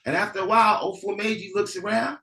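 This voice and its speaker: A man, a priest, teaching and telling a story in a relaxed, conversational way. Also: high voice, quick pace, rough recording. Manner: relaxed, conversational, with frequent restarts.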